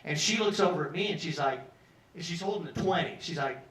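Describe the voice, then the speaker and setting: A man's voice: fairly high pitch, fast talker, fairly bright tone. A man telling a long comic story to a pub crowd, rambling and conversational, acting out what people said. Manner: rambling, conversational, acts out quotes. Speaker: storyteller at an open mic. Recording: roomy live pub sound from a distance.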